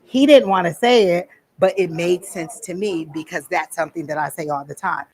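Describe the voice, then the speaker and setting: A woman's voice: on the low side, moderate pace, a little mellow, a little hiss or hum. A woman talking informally to a workshop audience at a psychic fair, chatty and conversational, stopping to ask the room for questions.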